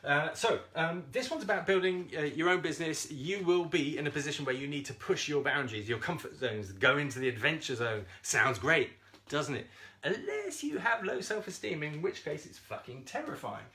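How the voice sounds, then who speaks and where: A man coaching viewers on a live stream, animated and talking straight to them, swearing freely and laughing often. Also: fairly high pitch, normal speed. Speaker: self-esteem coach.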